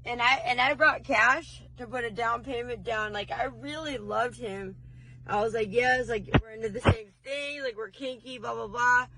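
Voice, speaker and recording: A woman's voice: on the high side, normal speed, very noisy. A woman in a car pulled over, talking to camera in a rambling, laughing, defiant confessional rant. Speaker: vlogger.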